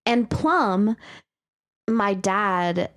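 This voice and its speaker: A woman co-hosting a podcast, chatting casually and often pausing to search for words. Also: mid-range voice, expressive, fairly bright tone. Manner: chatty, searches for words, uses many fillers. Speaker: podcast co-host. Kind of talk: casual chat about reader stories.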